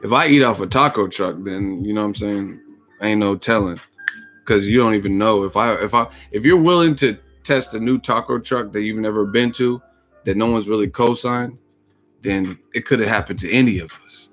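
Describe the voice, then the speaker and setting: A man's voice: lowish voice, normal speed, fairly bright tone, faint music behind. A man hosting a boxing livestream who talks casually, jokes, swears freely and laughs often. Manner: profane, joking, laughs a lot. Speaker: boxing YouTube host.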